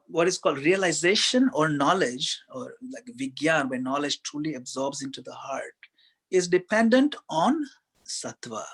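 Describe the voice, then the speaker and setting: Gravelly, slightly high-voiced male speaker. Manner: relaxed storytelling with many fillers. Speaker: guest speaker on spirituality. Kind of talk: conversational spiritual talk.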